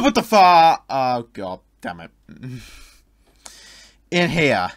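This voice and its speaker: A young man commentating on a horror game, sarcastic and jumpy, shouting when startled. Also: a little high, big pitch swings, takes it slowly, long pauses, a little hiss or hum. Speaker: gameplay commentator.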